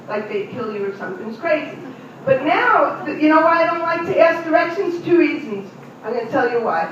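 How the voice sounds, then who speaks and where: A woman's voice: high voice, fairly bright tone, slight background noise. New woman doing stand-up, echoey and far. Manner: chatty, addresses audience members directly. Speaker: stand-up comedian. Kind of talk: stand-up comedy routine. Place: comedy venue with live audience. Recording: distant, echoey, muffled room recording.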